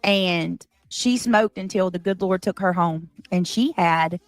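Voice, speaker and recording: A woman's voice: fairly low pitch, a little slow, no echo, faint music behind. A woman hosting a livestream, chatting casually, reading chat comments aloud and laughing often. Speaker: livestream host.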